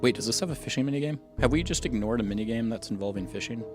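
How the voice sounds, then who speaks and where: A man's voice: mid-range voice, racing, music in the background. A man streaming a game live, chatting casually and thinking aloud as he plays. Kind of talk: casual gameplay commentary.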